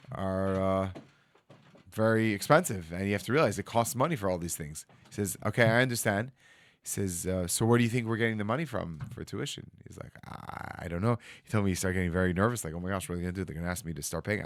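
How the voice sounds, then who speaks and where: A man's voice: low voice, no echo, studio quality. A man, a rabbi telling a story and acting out the voices of the people in it. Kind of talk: storytelling talk. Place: studio.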